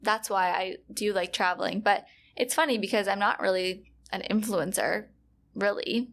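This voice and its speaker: Chatty young woman with a gravelly edge. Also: medium pitch, moderate pace, fairly bright tone. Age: 20s. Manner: chatty, trailing off with fillers. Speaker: podcast co-host. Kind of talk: casual chat.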